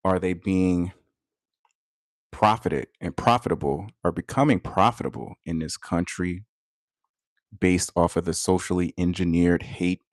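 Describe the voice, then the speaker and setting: A young man from Detroit delivering an earnest commentary monologue in a slow, measured way with pauses. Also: low-pitched, fairly even intonation, dry recording, clean studio sound. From Detroit, USA. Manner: earnest, emphatic, rising sharply when upset. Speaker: channel host.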